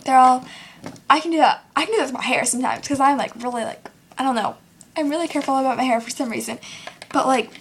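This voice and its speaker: A teenage girl ranting casually to camera in a vlog, full of "like" and quick quoted voices of other people. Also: high voice, a bit bright, breathy edge. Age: teens. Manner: chatty, lots of "like", acts out others in quotes. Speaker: vlogger.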